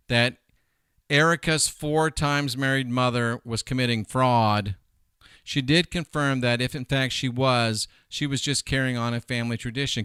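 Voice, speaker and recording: A middle-aged man gives casual commentary with an animated, emphatic delivery that keeps drifting into asides. His voice is bright and smooth, and it is recorded close and dry. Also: mid-range voice, dry recording. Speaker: host.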